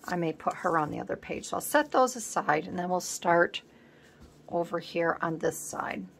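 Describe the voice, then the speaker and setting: Gravelly low-voiced woman crafting and chatting. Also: expressive, normal speed, slight background noise. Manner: rambling, thinks aloud while working. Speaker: collage artist host. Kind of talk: casual crafting chat.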